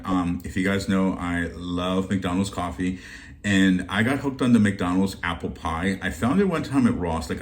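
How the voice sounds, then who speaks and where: A man chatting casually and ramblingly to his viewers as a shopping deals vlogger. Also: low-pitched. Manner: chatty and rambling, warm greetings.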